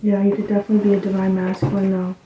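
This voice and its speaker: A woman giving a casual spiritual card reading, rambling loosely and dropping into soft muttered asides. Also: mid-range voice, completely flat delivery, rapid-fire, slight background noise. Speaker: tarot reader. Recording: tinny, phone-like sound in an echoey room.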